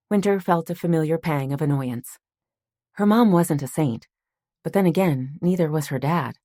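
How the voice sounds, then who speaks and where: A woman narrating an audiobook in a calm, measured storytelling manner. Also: low-pitched, no echo, clean studio sound. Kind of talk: scripted narration.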